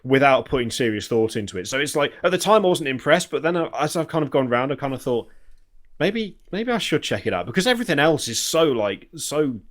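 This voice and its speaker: A man from the UK co-hosting a casual gaming podcast, talking in a relaxed, rambling way full of fillers. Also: medium pitch, a little fast. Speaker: podcast co-host.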